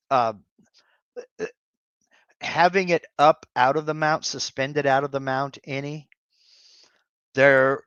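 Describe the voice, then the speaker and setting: A man's voice: mid-range voice, fairly bright tone, smooth, no echo, highs cut off. A man hosting a live Q&A stream, answering viewer questions off the cuff with many fillers and restarts. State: has hiccups.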